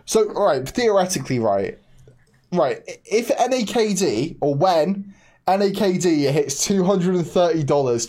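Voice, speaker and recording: Young male streamer, slightly high voice, excitable chatty delivery with frequent laughs. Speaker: livestream host. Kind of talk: casual livestream chat.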